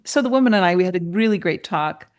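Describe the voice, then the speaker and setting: A woman's voice: lowish voice, quick pace. A middle-aged woman shares a personal story as an interview guest. She tells it with energy and brings other people to life by acting out their voices. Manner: lively storyteller who acts out the voices of others. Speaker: podcast guest.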